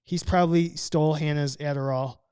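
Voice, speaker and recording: Bright-voiced man hosting a playful podcast. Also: a little high, steady tone, smooth, dry recording, studio quality. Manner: playful, asks quick questions, reads chat comments. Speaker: podcast host. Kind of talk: casual chat.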